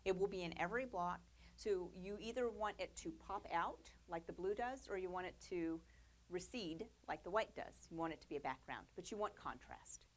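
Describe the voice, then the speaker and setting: A woman's voice: fairly low pitch, expressive, moderate pace. Chatty woman teaching a quilting demo. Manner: chatty, upbeat, with fillers and little laughs. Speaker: quilting instructor. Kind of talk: casual demonstration lesson. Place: studio.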